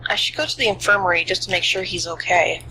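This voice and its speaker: A game streamer reading a visual novel's dialogue aloud in an animated way. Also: medium pitch, fast, slight background noise, low-quality recording.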